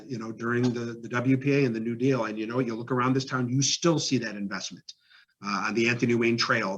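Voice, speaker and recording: Husky-voiced man in a lo-fi podcast interview. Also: medium pitch, a bit bright. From Ohio. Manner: conversational, many fillers and restarts, emphatic rises. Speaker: mayor. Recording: dull lo-fi podcast audio.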